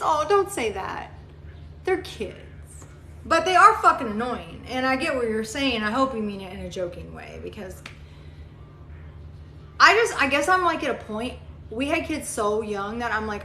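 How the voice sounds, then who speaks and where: Rambling with plenty of fillers, this livestream host responds to viewer comments in blunt, profane casual chat. Her fairly high, sharp voice is animated but unhurried, with frequent pauses, and the echoey room carries faint background noise.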